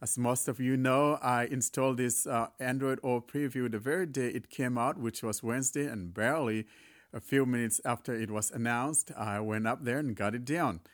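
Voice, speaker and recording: A man hosting a casual spoken tech demo, relaxed and chatty, laughing when things go wrong. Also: mid-range voice, moderate pace. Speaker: host recording a tech demo.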